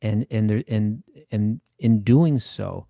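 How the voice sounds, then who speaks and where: A man's voice: lowish voice, takes it slowly, vocal fry, mellow, dry recording, lo-fi sound. A man hosting a casual spiritual discussion, explaining ideas thoughtfully with frequent restarts. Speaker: podcast host and teacher.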